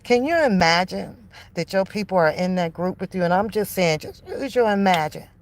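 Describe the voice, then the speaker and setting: A woman in a heated reaction rant, cursing freely and mocking her target. She drags out the words she wants to land and jabs the rest in scornful bursts. Her voice sits at a middling pitch for a woman. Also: expressive, no echo. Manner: profane, mocking, heated and emphatic; drawls key phrases slowly for emphasis. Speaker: online commentator. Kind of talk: ranting reaction commentary.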